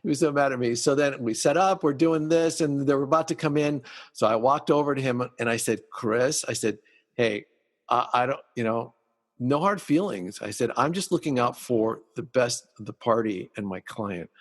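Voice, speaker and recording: A man's voice: medium pitch, normal speed, in a large hall. A man, a party DJ and MC, telling a story on a podcast in casual chat, acting out the lines of the people in it. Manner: animated storyteller acting out dialogue.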